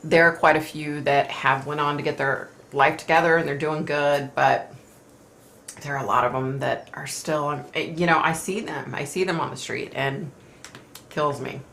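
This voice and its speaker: A woman's voice: low voice, steady tone, moderate pace, vocal fry, a bit bright, slight background noise. A middle-aged woman hosting a casual live stream, talking in an emotional, rambling way with sighs and fillers. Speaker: host reading viewer comments.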